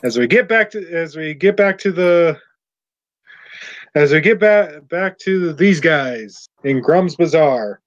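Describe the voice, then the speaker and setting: Guy gm narrating a tabletop game, kinda high voice, halting, muffled lo-fi audio. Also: expressive. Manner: halting, searching for words mid-sentence. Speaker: game master.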